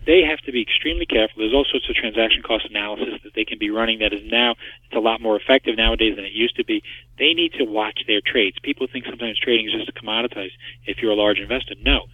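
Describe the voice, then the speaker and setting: Interviewed by phone as a market structure expert, a man speaks emphatically and fast, hammering his points home with rhetorical questions. His voice is fairly low and slightly rough, over a tinny, dry phone line.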